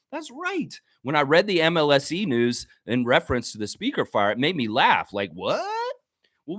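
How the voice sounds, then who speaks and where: A man ranting on a live fan stream with a high, bright, sharp voice. His pitch swings wildly as he curses and mocks, then reads viewers' comments aloud. The sound is close and dry. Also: no room sound. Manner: profane, mocking and animated, reads chat comments aloud. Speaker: host of a fan livestream. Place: friend's home.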